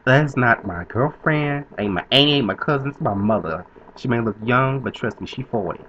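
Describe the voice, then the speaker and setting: A man's voice: mid-range voice, animated, moderate pace, a bit bright, muffled recording, slight background noise. A man in his twenties telling a story to camera in a chatty, sassy way, with frequent laughs. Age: 20s. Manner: chatty, sassy diva flair, laughs often. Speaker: vlogger.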